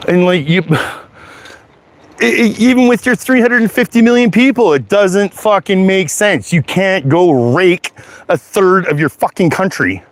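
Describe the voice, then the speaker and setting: Man, fairly high voice, angry profane rant while walking down a sidewalk outdoors. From Canada. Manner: heated, profane, repetitive swearing.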